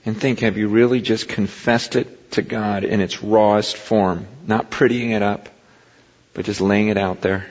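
A pastor giving a sermon in a conversational preaching style that rises into impassioned emphasis, recorded in a large hall. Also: male voice, fairly low pitch, steady tone, a little slow, darkish tone. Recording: muffled recording with long hall reverb.

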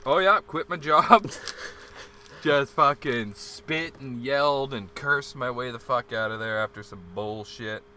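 A young man in casual chat, swearing freely as he tells a rowdy story and loudly acts out the arguments in it. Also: mid-range voice, slow, slight background noise. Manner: acts out quarrels in a loud shouting voice.

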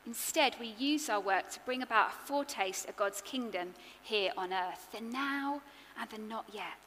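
A woman preaching in an earnest, expressive way, her voice bright and a touch high. She builds her points in rhythmic lists, and a long reverb trails after each phrase as if in a large hall. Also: moderate pace, slight background noise. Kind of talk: sermon.

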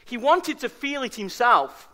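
A man's voice: very high voice, very animated, measured pace, fairly bright tone. A man preaching a sermon as pastor, emphatic and fond of repeating key phrases for stress. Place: church service.

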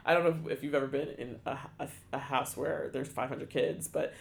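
A man telling a personal story in an interview, halting, with many restarts and fillers, becoming emotional. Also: mid-range voice, fairly even intonation, vocal fry, roomy sound. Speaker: guest, theater education staff. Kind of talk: conversational storytelling.

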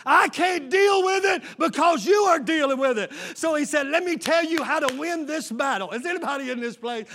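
Man, pastor, very high voice, bright and forceful, shouted sermon. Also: normal speed, few pauses, a little hiss or hum. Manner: preaching with shouted call-and-response bursts.

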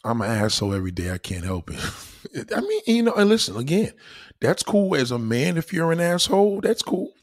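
A man delivering a crude, profane comedic rant to his viewers, swinging between low mutters and loud high exclaims. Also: big pitch swings, a little fast. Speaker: vlogger ranting to camera.

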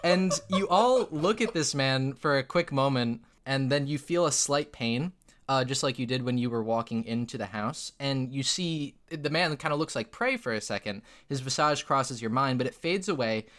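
Male game master, bright tone, rambling narration full of fillers. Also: mid-range voice, normal speed. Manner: rambling, filler-heavy narration with frequent laughs.

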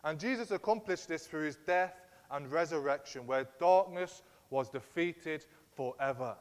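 A man's voice: a little high, normal speed. A man preaching a sermon in an earnest, emphatic way, speaking in a church hall. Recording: long reverb of a large hall.

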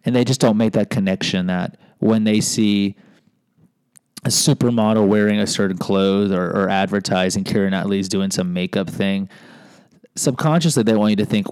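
A man's voice: fairly low pitch, steady tone, normal speed, a little mellow, clear, resonant tone, no echo. A man telling personal stories in a casual monologue, candid and self-deprecating, often restarting and adding asides.

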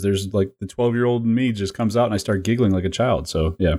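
A man's voice: lowish voice, fast talker, few pauses, mellow. A man in his forties, co-hosting a podcast in casual, rambling chat, joking and laughing often. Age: 40s. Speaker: podcast co-host.

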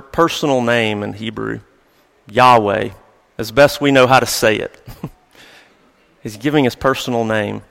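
A man's voice: on the high side, a bit bright. A male pastor giving a sermon in a conversational, storytelling way with light chuckles, recorded in a church sanctuary. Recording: long reverb of a large hall.

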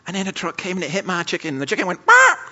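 A man plays a brash woman preacher with a Southern US drawl, pitched high above his own voice and pushed loud. She hams up her tale with squawking noises. The recording sounds dull and lo-fi. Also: very fast. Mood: theatrical. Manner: showy storytelling, squawking sound effects.

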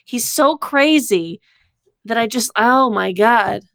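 A woman's voice: a little high, expressive, takes it slowly, vocal fry, a bit bright, no echo, studio quality. A woman co-hosting a comedy podcast, trading short sarcastic quips. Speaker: podcast co-host.

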